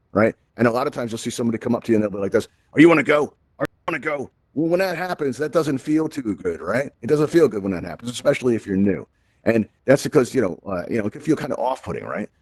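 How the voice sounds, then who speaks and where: A man's voice: lowish voice, darkish tone, husky, no echo. A man hosting a casual spoken tutorial through a VR headset microphone, chatty and forever checking in with "right?". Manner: chatty, keeps tagging lines with "right?". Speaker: host and presenter of a VR help event.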